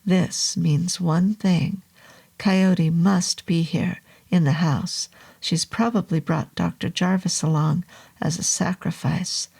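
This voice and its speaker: A grave male medicine man in a horror story, calm and commanding, speaking low and unhurried, as a woman reads him. The voice is husky with a gravelly edge. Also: exaggerated voice.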